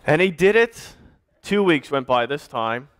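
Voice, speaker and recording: A man's voice: fairly high pitch, animated, a little slow, a bit bright, smooth. A man, a pastor, telling a children's story during a church service and directing children to act parts out.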